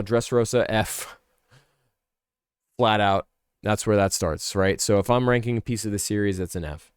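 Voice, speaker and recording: A man's voice: lowish voice, a little mellow, smooth, dry recording, clean studio sound. A man chatting casually as a streamer, rambling and thinking aloud, often correcting himself mid-sentence. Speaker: streamer ranking a series. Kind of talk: casual chat.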